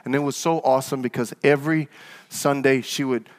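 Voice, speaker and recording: A man preaching a sermon as pastor, telling stories and calling on the congregation for an amen, at times rising into loud, fervent exhortation. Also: steady tone, brisk. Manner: fervent preacher with call-and-response; rises to loud, high exhortation.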